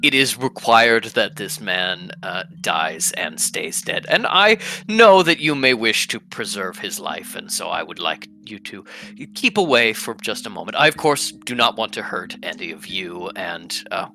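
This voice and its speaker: A man doing a soft-spoken polite assassin. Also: lowish voice, big pitch swings, creaky, soft background music, heavily acted. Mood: calmly polite. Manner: courteous, measured, apologetic.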